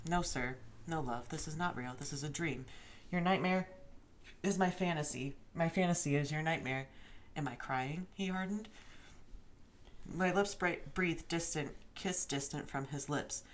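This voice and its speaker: A woman with a low, deep voice reads a story aloud in a steady, deliberate way. A faint hiss sits under the recording. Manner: reads aloud steadily, slipping into laughter and swearing at the text. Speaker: reader of a fan story. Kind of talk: dramatic reading with joking asides.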